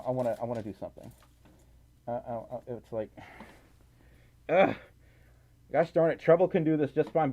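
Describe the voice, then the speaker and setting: A young man chatting on a livestream, reading out donations in an excitable, giggly, rambling way that keeps running him out of breath. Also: a little high. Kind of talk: casual livestream chat. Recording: slightly dull lo-fi stream audio.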